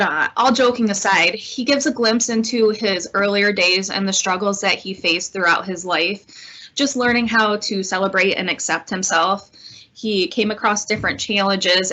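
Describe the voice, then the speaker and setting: A woman's voice: mid-range voice, pushed and bright, dull audio. A woman librarian giving an enthusiastic book review. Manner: enthusiastic recommending.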